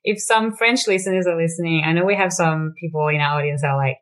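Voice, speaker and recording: A woman's voice: low voice, fairly even intonation, quick pace. A woman co-hosting a podcast who talks in long chatty runs and laughs often. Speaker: podcast co-host. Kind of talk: casual podcast chat.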